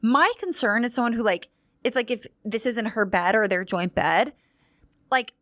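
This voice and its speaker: A woman's voice: on the high side, normal speed, fairly bright tone, dry recording, studio quality. A woman co-hosting a podcast, chatting in a giggly, rambling way. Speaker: podcast co-host. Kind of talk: casual chat.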